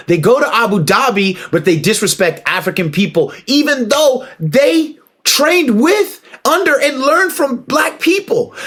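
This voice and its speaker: A man giving a casual, emphatic opinion monologue, preaching and calling out to listeners with rhetorical questions and shout-outs. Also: fairly high pitch. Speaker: martial arts commentator.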